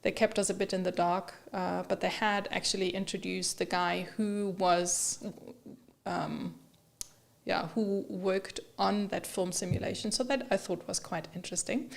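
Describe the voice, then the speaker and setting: A woman co-hosting a photography live stream, chatting casually with viewers and her co-host, with many fillers and pauses. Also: mid-range voice, steady tone, gravelly.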